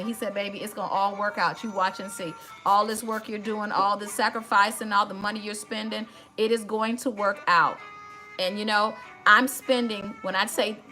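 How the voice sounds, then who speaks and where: A woman's voice: medium pitch, bright, forceful tone. A woman hosts a casual makeup tutorial, chatty and emotional, talking straight to her viewers. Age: 50s.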